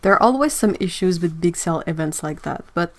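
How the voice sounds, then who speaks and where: A woman's voice: on the low side, expressive, a little fast. A woman chatting casually on an art livestream, sleepy, rambling, laughing often and restarting her sentences. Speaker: artist livestreaming. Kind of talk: casual livestream chat, reading comments.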